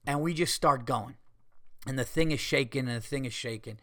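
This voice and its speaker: Heard in a clean studio recording with no echo, the podcast host and comedian has a medium-pitched voice with a sharp tone and normal pacing. His storytelling is casual and lively, with cursing, impressions of what people said, and sound effects.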